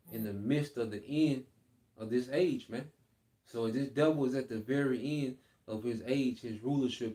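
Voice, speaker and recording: A mellow, medium-pitched male voice gives informal scripture teaching. He reads verses aloud, then explains them loosely and repetitively, often ending lines with "man" and "okay?"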